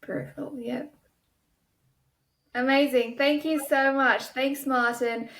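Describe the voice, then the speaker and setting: A woman hosting an interview, asking measured questions and affirming her guest's answers. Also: sits high, steady tone, a bit bright, a little hiss or hum, poor audio. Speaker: interview host. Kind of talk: conversational interview.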